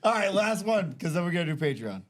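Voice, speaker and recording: A man hosts a casual podcast, steering the talk and prompting for stories. His voice sits a touch high, and he speaks in loose, easygoing phrases. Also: very animated, fast talker, heavy background noise. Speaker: podcast host.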